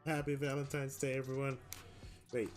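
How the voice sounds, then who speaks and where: A man streaming video games, talking loudly and swearing a lot as he plays. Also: medium pitch, moderate pace, faint music behind. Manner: loud, swearing, excitable. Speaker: gaming streamer. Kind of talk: casual gaming stream chat.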